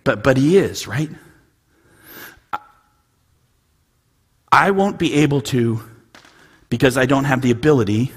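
Husky guy preaching, goes from whispering to loud real fast, stumbles and repeats words a lot. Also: medium pitch. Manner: swings from hushed to loud and emphatic, repeats words. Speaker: pastor. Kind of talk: sermon.

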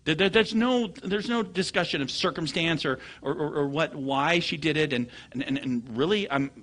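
Male pastor, husky and bright, animated sermon delivery with big swings in loudness and pitch. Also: normal speed. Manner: animated storytelling preacher, voice swings from low murmurs to loud high bursts.

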